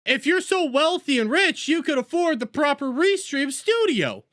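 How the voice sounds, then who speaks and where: Doing live reaction commentary, this young guy mocks the clips and reads out chat with excitable energy and plenty of swearing. His bright voice leaps around in pitch at a moderate pace, and the audio is close and dry, with no room sound.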